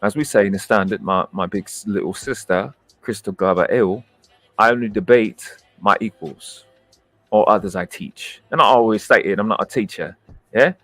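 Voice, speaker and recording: A man's voice: fairly low pitch, moderate pace, fairly bright tone, no echo, soft background music. A man with a British accent hosting a livestream, giving brash, profane and boastful commentary into a close mic at home. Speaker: livestream host.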